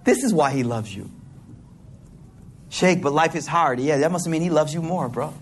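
A man preaches to a gathered crowd, his voice climbing high and swooping as he slips into street slang and acts out little scenes. The delivery runs a bit high for a man, and a faint hiss sits under the hall sound. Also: normal speed. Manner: casual slang-filled preaching, animated voices. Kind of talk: sermon. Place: hall with audience.

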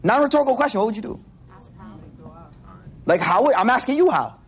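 A man preaching a casual, animated sermon in street slang, telling stories as he goes. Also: very high voice, brisk, husky.

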